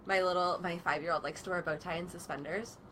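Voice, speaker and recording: A woman's voice: lowish voice, steady tone, fast, a bit bright, a little hiss or hum. A woman in her thirties, a guest on a talk radio show, sharing upbeat stories in casual chat.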